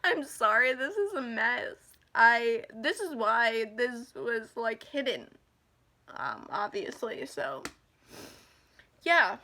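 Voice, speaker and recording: A twenty-something vlogger, upset and angry, rants to camera on the brink of tears. Her slightly high voice is bright and forceful, with big pitch swings, and she takes her time speaking.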